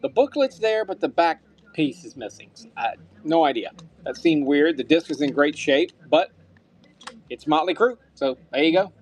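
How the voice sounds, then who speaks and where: A man's voice: fairly high pitch, sing-song, moderate pace. A man hosting a live-stream auction, upbeat and thanking buyers by name, sometimes muttering to himself as he handles items.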